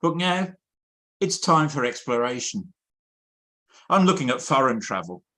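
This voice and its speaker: A man chatting casually, then reading a comic poem deadpan at an online open mic over a video call. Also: medium pitch, measured pace. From England. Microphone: home computer mic on a video call.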